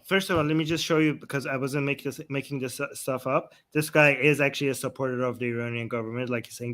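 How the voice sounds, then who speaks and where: A man with a high, bright voice hosts a casual stream of political commentary. He talks calmly at first but turns scornful and cutting when he takes on a hostile commenter. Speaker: co-host of a livestream show.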